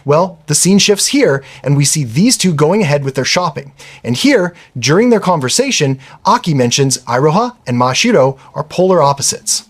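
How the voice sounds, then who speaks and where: A man's voice: on the high side, very animated, normal speed. A man narrating an anime episode recap in a chatty, casual storytelling way, often calling the listener brother. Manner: chatty, says "brother" and "literally".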